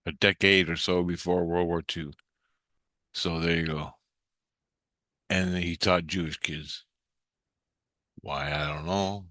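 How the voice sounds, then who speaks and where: A man's voice: low voice, steady tone, takes it slowly, long pauses, sharp tone, no room sound. A man telling a personal story in a casual, rambling way, cursing and restarting his sentences. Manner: rambling, profane, frequent restarts.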